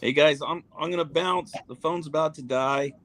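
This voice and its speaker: Easygoing, somewhat high-voiced man, casual friendly chat. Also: normal speed, over a noisy crowd.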